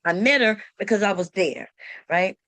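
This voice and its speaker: A woman's voice: mid-range voice, normal speed, a bit bright, no echo. A woman hosting a sewing channel, telling a story to camera in a casual, emphatic way and talking straight to her viewers with exasperated rhetorical questions.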